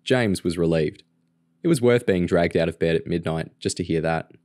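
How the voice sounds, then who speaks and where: A man reading a novel aloud in a steady, plain storytelling manner. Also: sits low, normal speed, no echo, clean studio sound. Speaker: audiobook reader. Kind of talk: reading a novel aloud, doing character voices.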